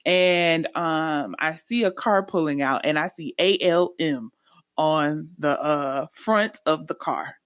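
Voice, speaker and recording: A woman hosting a faith-based podcast chat, with a lowish voice and an emphatic, animated way of telling a story. She sounds close and dry, with no room around her. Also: slow, no echo. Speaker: podcast host.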